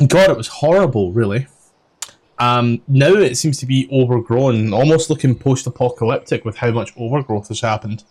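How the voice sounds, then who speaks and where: A man with a Scottish accent recapping a tabletop game as dungeon master, rambling with lots of ums and casual swearing. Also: medium pitch.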